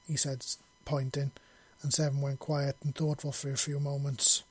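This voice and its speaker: A man narrating a story in a steady, even storytelling voice. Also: mid-range voice, moderate pace, husky, no echo. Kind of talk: audiobook narration.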